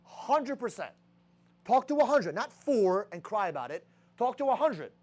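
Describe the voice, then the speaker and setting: A young man with a high voice gives a blunt, swear-heavy motivational talk to a sales team. He keeps firing rhetorical questions at them. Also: very animated, normal speed, darkish tone. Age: young adult.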